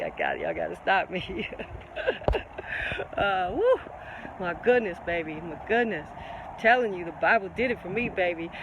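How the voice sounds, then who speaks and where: Animated woman, preachy and excitable. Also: medium pitch, normal speed, pauses often, noisy background. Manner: animated and preachy, calls listeners baby. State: slightly congested. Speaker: livestream host answering viewer questions. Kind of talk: casual live-stream Q&A.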